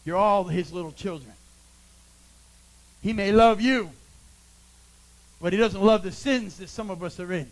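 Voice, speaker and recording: High-voiced man preaching a sermon. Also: measured pace, pauses often, rough recording. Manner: preaching with swings from loud calls to hushed tones. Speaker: pastor.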